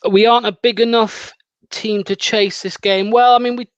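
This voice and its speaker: A man's voice: sits high, fairly even intonation, moderate pace, smooth, dry recording. A man hosting a live football watchalong, chatting casually and hesitantly with plenty of fillers and laughs. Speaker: fan channel host. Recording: dry, dull lo-fi sound.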